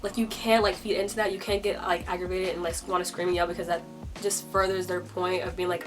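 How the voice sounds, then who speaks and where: A teenage girl from the United States telling a story in an animated way, acting out what people said. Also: on the low side, fast talker, faint music behind. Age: teens. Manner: animated, acts out the voices of the people in her story. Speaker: vlogger. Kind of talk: casual storytelling.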